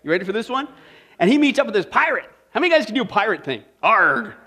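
Man, pastor, lively sermon, quizzes the congregation, high voice. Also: rapid-fire. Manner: animated, quizzes the congregation by name. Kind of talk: sermon with joke.

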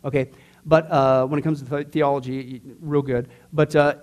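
A man teaching a church discipleship class, earnest and conversational, swinging from emphatic to quiet. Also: mid-range voice, little pitch movement, normal speed.

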